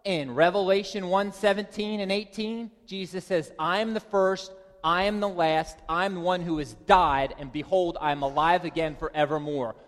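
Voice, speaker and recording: A man preaching a sermon, reading verses and pressing his points with emphatic rises in pitch and volume. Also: fairly even intonation, normal speed. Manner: emphatic, rising high and loud to stress points. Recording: long hall reverb.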